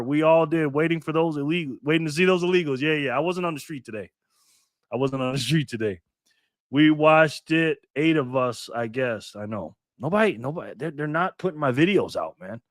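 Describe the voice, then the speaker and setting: This casual livestream features a man going through viewer comments aloud, easygoing and upbeat, often laughing and repeating "boom" to get viewers excited. His voice is a bit bright, recorded clean in a studio with no echo.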